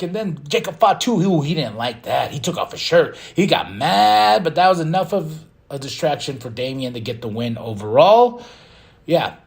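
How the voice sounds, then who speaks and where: Guy doing a wrestling recap, kinda high voice, jumps all over in pitch, opinionated. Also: vocal fry. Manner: animated, opinionated, acts out quotes. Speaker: podcast host.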